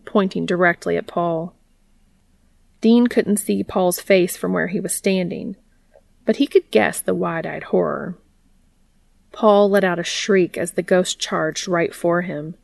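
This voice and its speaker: A woman reading a fan fiction story aloud in a steady, plain narrating manner. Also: on the low side, vocal fry, no room sound.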